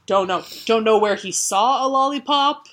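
A woman's voice: on the high side, moderate pace, a bit bright. A woman co-hosting a podcast in casual comic chat, sarcastic and profane, laughing often. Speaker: podcast co-host.

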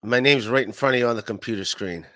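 A man's voice: medium pitch, fast talker, crowd noise. A man, a comedian being interviewed over a call, talking casually with dry humor and hesitant restarts. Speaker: comedian guest.

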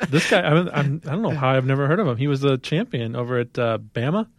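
A man's voice: mid-range voice, fast, dry recording. Man with dry teasing asides. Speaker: podcast co-host. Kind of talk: casual sports chat.

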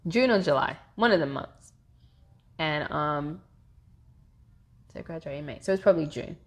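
Brief: woman, 30s, lower pitch, animated candid podcast guest who laughs a lot. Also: normal speed. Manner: animated, laughs often, repeats herself. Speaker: therapist guest. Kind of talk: casual podcast interview.

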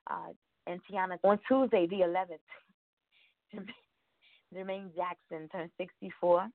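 A woman hosting a radio show chats casually, rambling and laughing often as she reads out birthdays. Her voice is on the low side with fairly even intonation and an unhurried pace, heard over a tinny, phone-like, dry line with no room sound.

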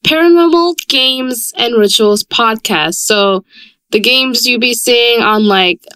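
Smooth-voiced young woman, chatty podcast host. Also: fairly high pitch, sharp tone, no room sound. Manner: chatty, swears freely, rushes in quick bursts. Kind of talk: casual chat.

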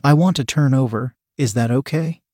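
A man's voice: medium pitch, moderate pace, darkish tone, no room sound, clean studio sound, natural voice. Narrator doing an eager older man, blurts his offers, everyday voice.

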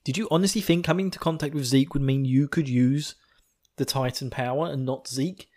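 Male podcast host, mid-pitched, giggly, rambling and profane, over-caffeinated. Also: fairly quick, darkish tone. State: buzzing on coffee. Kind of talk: casual episode recap.

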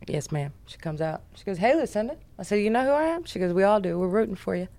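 An American woman, a business founder, telling a story as a podcast guest in a brash, profane, animated way. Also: medium pitch, fast talker, gravelly.

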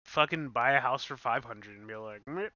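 A man co-hosting a casual movie-review chat, animated and jokey, swearing casually. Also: medium pitch, normal speed, no echo, highs cut off.

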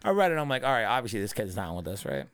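A man hosting a casual podcast, telling stories in an animated way, with swearing and acted-out quotes. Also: on the low side, very fast, no room sound, clean studio sound. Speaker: podcast host.

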